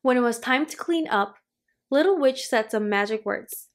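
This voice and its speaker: A woman reading a children's story aloud, slowly, clearly and expressively. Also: on the high side, expressive. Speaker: storybook reader.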